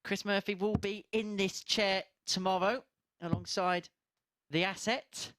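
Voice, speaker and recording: Co-commentator for darts, banter-heavy, mid-pitched, close dry mic. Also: fairly even intonation, a little slow, a bit bright, no room sound. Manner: chatty, jokey banter. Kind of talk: live sports commentary.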